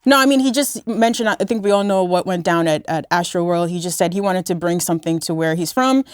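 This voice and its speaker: A woman co-hosting a casual podcast panel chat, briskly recapping news for the group. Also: fairly low pitch, animated, clear, resonant tone, no echo, clean studio sound. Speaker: podcast co-host.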